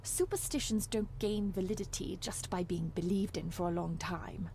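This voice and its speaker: A woman's voice: lowish voice, normal speed, dark tone, slight background noise, natural voice. A woman playing a sceptical, composed woman of science who speaks coolly.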